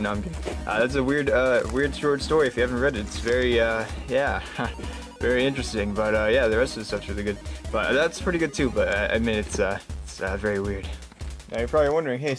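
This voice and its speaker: A young man from the United States, rambling and joking through a casual vlog at home, with many fillers. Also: medium pitch. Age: young adult. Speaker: vlogger. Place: home room.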